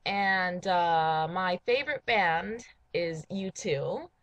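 A woman talking to camera in a casual confessional vlog for a dating profile, halting and emotional, full of sighs and restarts. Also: lowish voice, animated, fairly bright tone, no room sound, highs cut off. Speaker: person making a dating video.

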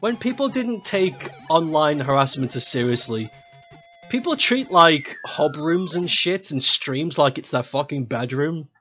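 A streamer in their thirties talks over a game with a bright, sharp tone and a voice that swings up and down a lot. They are blunt, swear freely and laugh often, with faint game music underneath. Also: mid-range voice, expressive, a little slow. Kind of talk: casual gameplay streaming.

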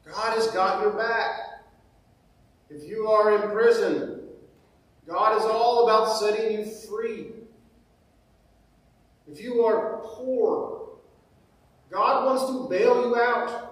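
Male pastor, slow and unhurried, conversational sermon with repeated phrases, heard from a distance in a very echoey church. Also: high voice. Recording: very echoey church, mic far off.

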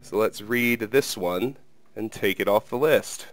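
A man hosting a game playthrough, reading an in-game book aloud in a steady, measured way. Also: on the low side, dry recording. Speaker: let's play host.

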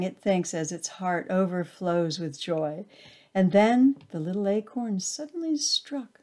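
A woman reading her own short story aloud, with a soft, hushed storytelling manner. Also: lowish voice, expressive, unhurried. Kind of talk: storytelling narration.

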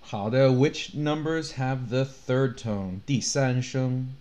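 A male language teacher who talks at a very slow, careful pace. He models each sound deliberately and drills it with the class. His voice sits in an ordinary middle pitch. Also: a little mellow. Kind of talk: classroom lesson, drilling pronunciation.

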